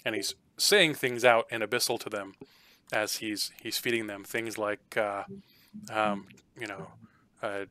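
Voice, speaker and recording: A man narrating a tabletop game as game master, halting with many fillers and restarts. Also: lowish voice, steady tone, sharp tone, no echo.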